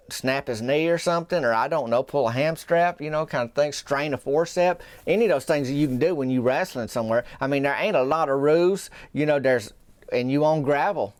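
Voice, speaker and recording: A man telling a rambling comic tall tale as a podcast host, folksy and meandering with deadpan asides. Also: mid-range voice, clear, resonant tone, no echo.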